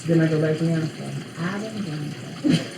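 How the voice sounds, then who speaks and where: A woman's voice: low-pitched, normal speed, vocal fry, roomy sound, background noise. Sassy woman chiming in, water running. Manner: sassy short interjections. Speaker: host's friend. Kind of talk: casual chat.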